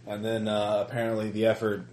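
Low-voiced man running a horror game. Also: completely flat delivery, brisk, a little mellow, echoey room, a little hiss or hum. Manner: hesitant, many fillers and restarts. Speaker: game master. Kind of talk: narrating a tabletop horror game.

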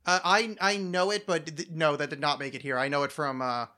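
American guy hosting a podcast, kinda high bright voice, swears a lot, joking around. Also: fairly even intonation, fairly quick. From United States. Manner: crude, joking, swears freely. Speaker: podcast host. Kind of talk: casual podcast chat.

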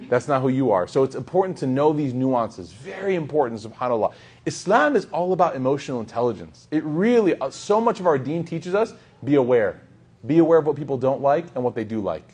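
This Islamic preacher's voice is medium-pitched, husky and fairly quick as he gives a laid-back sermon to a live audience. He talks conversationally, restates lines for emphasis, asks "right?" often and recites Arabic scripture.

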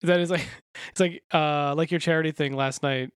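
A man co-hosting a casual comic book podcast, talking in a lively, laughing way and acting out the characters' lines. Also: fairly high pitch, normal speed, clean tone, no echo, clean studio sound. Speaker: podcast co-host.

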